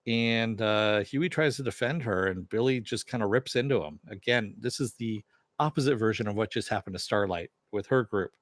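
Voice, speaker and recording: A man's voice: lowish voice, moderate pace, no echo, studio quality. A man reviewing a TV episode, retelling the plot in a loose, rambling way with plenty of fillers. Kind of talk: casual spoken recap.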